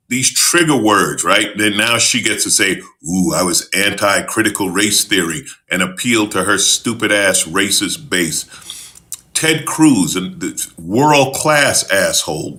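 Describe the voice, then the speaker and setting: Forceful low-voiced man ranting. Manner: profane, repeats words in outbursts. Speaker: host. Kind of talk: heated political rant.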